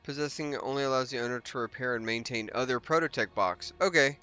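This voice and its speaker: A man's voice: medium pitch, fast talker, sharp tone, clean tone, soft background music. A man hosting a let's play, giving casual gameplay commentary and thinking aloud as he rambles through his plans with restarts and asides.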